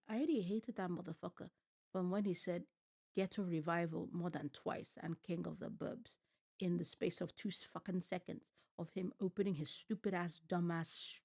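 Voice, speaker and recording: A woman's voice: fairly low pitch, vocal fry, slightly rough. A woman streamer reacting to a TV show, ranting and swearing at the screen in casual chat. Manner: animated, swearing, rants at the screen. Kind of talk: casual profane reaction rant. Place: home at night.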